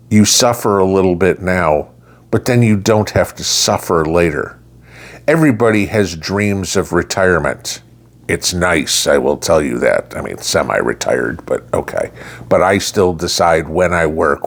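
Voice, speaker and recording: A middle-aged man with a blunt, lecturing and sarcastic way of talking, delivering a casual opinion monologue as a channel host. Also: deep voice.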